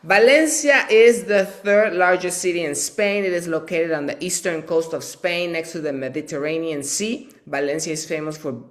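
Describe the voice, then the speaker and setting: A man teaching a live bilingual Spanish lesson, running slow vocabulary drills where he calls out words for viewers to repeat, with chatty asides in between. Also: fairly high pitch.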